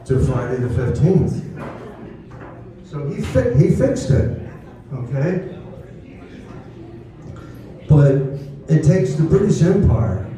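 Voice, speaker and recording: Man, history speaker, casual and digressive, dark mellow tone, far off-mic in a big echoey room. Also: medium pitch. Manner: chatty, digressive, asks "okay?" often. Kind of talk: informal history talk to a live audience.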